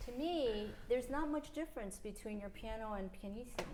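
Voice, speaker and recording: A woman with a New York accent coaching a piano student in a masterclass, chatty and animated, singing out musical cues. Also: fairly high pitch, fairly quick, slight background noise. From New York City. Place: piano masterclass before an audience. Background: piano playing.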